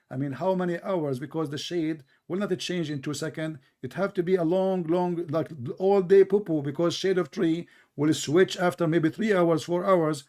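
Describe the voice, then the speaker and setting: Sarcastic, combative man with high-set voice. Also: mellow. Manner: sarcastic, combative, non-native English. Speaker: debate host. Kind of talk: mocking religious debate.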